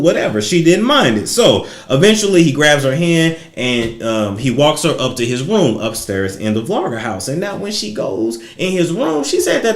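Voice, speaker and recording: A man's voice: a little high, roomy sound. A man hosting a casual celebrity gossip livestream, talking straight to his viewers and giving his opinions. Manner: conversational, opinionated, addresses viewers directly.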